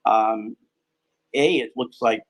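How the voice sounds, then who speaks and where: A man's voice: on the low side, takes it slowly, rough recording. A man speaking as a guest in a casual podcast discussion, hesitant, with many ums and restarts.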